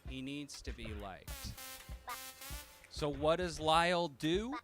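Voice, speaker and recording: A man's voice: fairly high pitch, expressive, slow pace, loud music behind the voice. A man doing a stand-up comedy routine, ranting in a profane, incredulous way.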